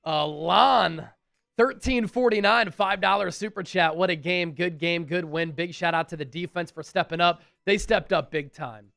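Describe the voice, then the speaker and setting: A man's voice: high voice, moderate pace, creaky, a bit bright, dry recording, clean studio sound, soft background music. A man hosting a live sports stream in a casual way, reading out fan messages one after another and thanking each sender.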